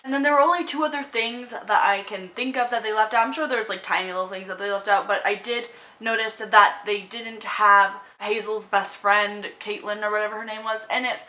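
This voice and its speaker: In a rough recording, a young book vlogger talks a little fast about a movie in a casual review, her mid-range voice sharp and her intonation fairly even. Emotional and close to tears, she gushes, filling her speech with fillers and restarting often.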